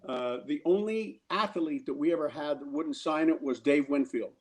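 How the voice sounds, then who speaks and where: Lively man spinning a funny anecdote. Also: fairly high pitch, moderate pace. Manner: animated storyteller who acts out other people's lines. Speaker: guest actor. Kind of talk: casual anecdote telling.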